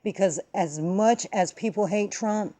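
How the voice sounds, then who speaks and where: Mellow-voiced woman ranting emphatically. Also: mid-range voice, a little slow. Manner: emphatic, profane, streetwise slang. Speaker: vlog host. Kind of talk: casual political rant and storytelling.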